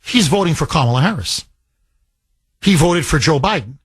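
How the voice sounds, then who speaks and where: A middle-aged man runs his talk radio show in a husky, slightly higher voice. He rambles emphatically, circling back with fillers and restarts. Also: lively intonation, moderate pace. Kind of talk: talk radio monologue and caller exchange.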